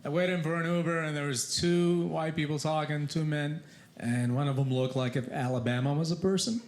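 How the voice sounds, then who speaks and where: Male stand-up comic with a foreign accent, high voice, animated storytelling, roomy club with loud laughter. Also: moderate pace, noisy background. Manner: animated storytelling, deadpan asides. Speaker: stand-up comedian. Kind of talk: stand-up comedy. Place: comedy club stage.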